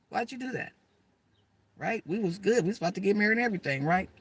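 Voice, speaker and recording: A woman telling personal stories in an animated, emphatic way, with slang, swearing and asides to listeners. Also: medium pitch, fast, breathy edge, no echo. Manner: animated, emphatic, addresses listeners as girl and y'all; slangy, profane, rambling. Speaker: storyteller. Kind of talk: casual personal storytelling.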